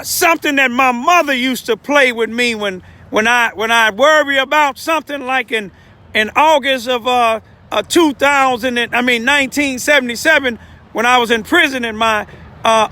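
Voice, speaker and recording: Outdoors on a cold urban street, an older man acting as a self-styled lay preacher gives an informal, emotional testimony, rambling with repeated asides. His voice is very high-pitched, pushed and bright.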